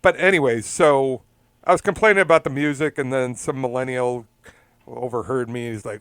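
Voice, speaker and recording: A man co-hosting a casual talk show rambles through a long story and laughs as he goes. His voice is smooth and clear, recorded close and dry with no room sound. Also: medium pitch, normal speed, fairly bright tone, no echo. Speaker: podcast co-host. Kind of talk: casual chat.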